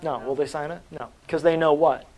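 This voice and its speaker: A man with a slightly higher voice lectures a live audience on natural health. He is emphatic and blunt, often firing questions at the room to drive each point home. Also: fairly even intonation, brisk, a little mellow, poor audio. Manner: blunt and combative. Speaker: natural health practitioner giving a talk.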